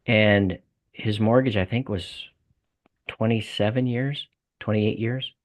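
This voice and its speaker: A man's voice: fairly low pitch, steady tone, takes it slowly. An older man with a Southern US accent, a guest in a conversational interview, talking in a folksy way with repeated words and restarts. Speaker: guest, debt coaching salesman.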